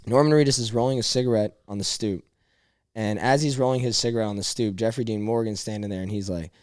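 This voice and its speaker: This fast-talking podcast guest has a fairly low voice and spins rambling, animated stories in casual chat, saying "dude" and "bro" over and over. The recording is dry and clean, studio quality.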